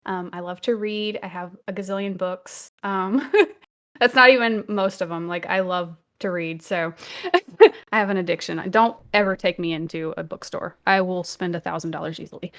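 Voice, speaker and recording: A woman with a Louisiana accent, co-hosting a gaming podcast from her bedroom stream room over a video call. She laughs often and gets louder and higher when she is passionate. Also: steady tone, normal speed. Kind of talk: casual chat. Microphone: earbuds with new desk mic, video call.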